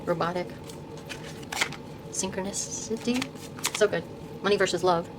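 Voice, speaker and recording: An older woman hosting her own video, softly showing tarot decks and reading card names aloud, often trailing off and restarting words. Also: on the low side, measured pace, background noise. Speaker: host showing her tarot deck collection. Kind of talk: soft-spoken casual deck walkthrough.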